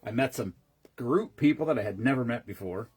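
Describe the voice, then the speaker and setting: A man's voice: medium pitch, expressive, a little fast, a little mellow, a little hiss or hum. A man casually chatting on a live stream, rambling between stories and greeting viewers by name as he mixes drinks.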